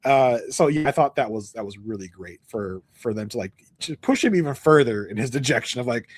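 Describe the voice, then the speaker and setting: A man's voice: medium pitch, animated, fairly quick, few pauses, breathy edge, dry recording. A man chatting casually on a podcast, reviewing a film and acting out characters' lines as he retells scenes.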